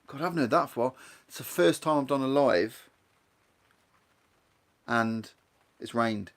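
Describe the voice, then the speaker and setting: A man's voice: mid-range voice, moderate pace. A man with a Guernsey accent hosting a casual live stream from a greenhouse studio, rambling and chatting to his viewers. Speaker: channel host.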